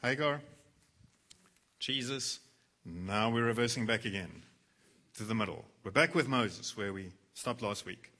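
A man preaching a sermon, reading scripture aloud and moving between hushed, quiet passages and loud, emphatic quoted lines. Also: fairly low pitch, lively intonation, a little slow, pauses often. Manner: dramatic, swings from hushed to loud when quoting scripture. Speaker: pastor.

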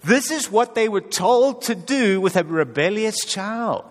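High-voiced man preaching in a hall. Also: expressive, unhurried, hardly any pauses. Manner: conversational preaching with wry humor. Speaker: pastor. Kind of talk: sermon.

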